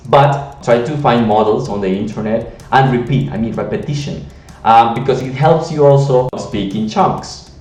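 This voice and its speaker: A man's voice: mid-range voice, a little mellow, roomy sound, recorded from a distance. A man with a Latin American Spanish accent, giving an earnest teaching talk on language learning with frequent restarts. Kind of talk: teaching monologue to camera.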